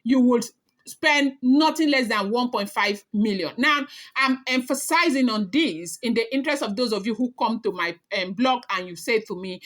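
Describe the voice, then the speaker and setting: A woman's voice: fairly high pitch, moderate pace, fairly bright tone. A woman talking casually as a celebrity gossip blogger, chatty and emphatic, speaking straight to her viewers.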